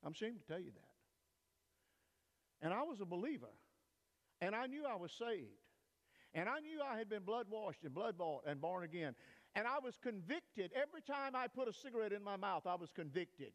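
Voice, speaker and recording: An older man, a pastor, preaching an emphatic sermon in a church, swinging between loud peaks and hushed asides. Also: high voice, sing-song, moderate pace. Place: church sanctuary. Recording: long reverb of a church hall.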